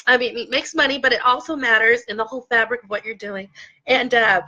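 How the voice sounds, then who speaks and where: A woman's voice: on the high side, fairly even intonation, fast talker, pushed and bright, dull audio. A woman real estate investor coaching her viewers in an earnest, impassioned talk, at times close to tears. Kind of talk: heartfelt direct-to-camera talk.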